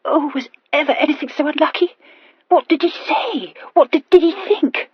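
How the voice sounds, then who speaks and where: A woman voicing an anxious, impulsive young noblewoman who stammers in a high, fretful voice. The recording is dull and dry. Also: moderate pace, no echo, natural voice.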